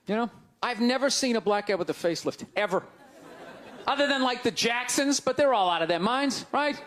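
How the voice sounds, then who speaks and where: A man doing a stand-up comedy set on stage, ranting loudly and jabbing sarcastically at the audience. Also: very high-pitched, lively intonation, brisk, a faint crowd, a little hiss or hum.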